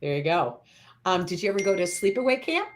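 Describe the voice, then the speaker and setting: A woman hosting a casual interview, asking quick-fire questions and laughing often. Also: on the low side, very animated, slight background noise. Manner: laughs often, upbeat and chatty. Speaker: host.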